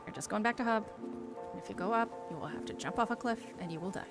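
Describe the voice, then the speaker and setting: A woman's voice: mid-range voice, fast, over music. A woman streamer chatting casually while she plays, teasing her friend and swearing freely. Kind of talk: casual live-stream chat while gaming.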